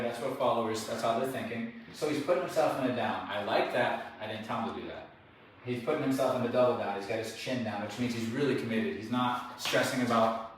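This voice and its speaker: A man's voice: mid-range voice, fairly bright tone, slight background noise. A man working as a dog trainer, explaining the training step by step and often checking in with "okay?" and "all right?". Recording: very echoey, distant mic, faint background.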